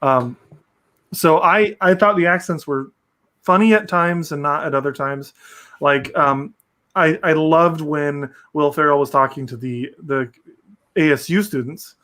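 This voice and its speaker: A man's voice: a little high, measured pace, bright, forceful tone. A young man hosting a casual movie review podcast, rambling with frequent restarts. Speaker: podcast host.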